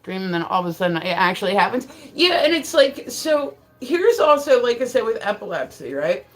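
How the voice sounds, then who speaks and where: A woman's voice: medium pitch, sing-song, a little fast, faint music behind, poor audio. Profane, laughing woman livestreamer. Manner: profane, rambling storyteller; laughs often mid-sentence. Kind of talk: casual livestream chat.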